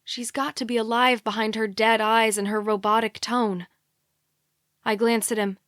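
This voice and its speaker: Audiobook narrator: a woman with a fairly high voice and a dry, close sound. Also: flat delivery, moderate pace, a bit bright, no echo. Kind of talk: scripted first-person narration.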